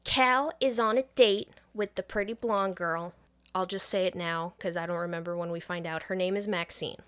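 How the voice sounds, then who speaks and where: A woman's voice: fairly low pitch, normal speed, clean tone. A woman podcast co-host retelling a movie plot in casual chat, swearing freely and quoting characters as she goes. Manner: profane, animated recap with quoted voices.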